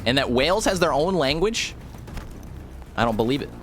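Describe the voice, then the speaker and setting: A man's voice: fairly high pitch, very animated, normal speed, fairly bright tone, slight background noise. A young man livestreaming a video game, giving casual, jokey commentary with big exclamations.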